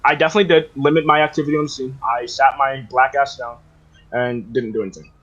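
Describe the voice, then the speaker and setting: A man's voice: medium pitch, fairly even intonation, fast, fairly bright tone, muffled recording. A man in casual voice chat, rambling as he retells a conversation, full of fillers and restarts. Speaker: roleplay server player.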